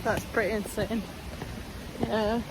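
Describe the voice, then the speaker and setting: A woman's voice: medium pitch, level tone, slow. A young woman chatting casually as a travel vlogger while sightseeing, giggly and thinking aloud with plenty of fillers. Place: walking outdoors and through a museum, filming on a camera. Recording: clear background noise from outdoor surroundings.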